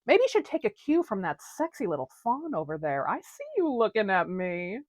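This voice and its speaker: A woman's voice: medium pitch, very animated, normal speed, darkish tone, no echo, studio quality. A woman voicing a bawdy, teasing female ghost over a century old, in a comedic audio drama. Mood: mocking. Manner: crude, teasing, mocking.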